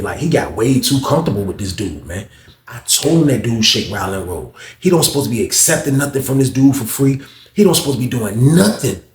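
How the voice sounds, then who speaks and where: Guy rambling through a story, talks to y'all, repeats himself, echoey room. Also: mid-range voice. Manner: rambling, repeats phrases, addresses listeners as y'all. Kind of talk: casual storytelling. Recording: roomy echo.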